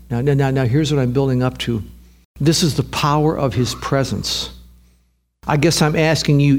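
A man preaching a sermon in an earnest way, repeating words and rising in pitch when stirred. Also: a little mellow. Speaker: pastor.

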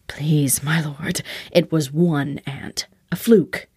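A woman voicing a flustered male hornet-man official who speaks in a hushed, deferential way. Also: low voice, steady tone, slow, slightly rough, no echo, clean studio sound, heavily acted. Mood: nervous.

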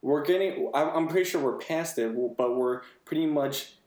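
A man's voice: a little high, moderate pace, a little mellow, reverberant. A man co-hosting a casual podcast, joking and teasing with mock-serious asides. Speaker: podcast co-host. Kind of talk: casual chat.

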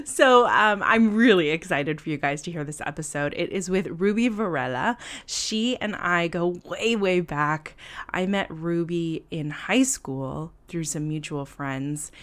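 A woman hosting a casual podcast interview, gushing and enthusiastic, with lots of fillers. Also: on the low side. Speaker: podcast host.

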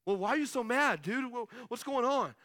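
A man's voice: very high voice, lively intonation, moderate pace, a bit bright. A man preaching who puts on the voice of Abel, a nosy young man who keeps pestering his brother with questions. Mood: prying. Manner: prying, repetitive questioning.

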